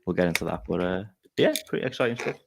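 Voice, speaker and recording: A man co-hosting a casual podcast, speaking haltingly and repeating words as he goes. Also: sits low, lively intonation, vocal fry, slight background noise. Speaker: podcast co-host. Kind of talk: casual chat.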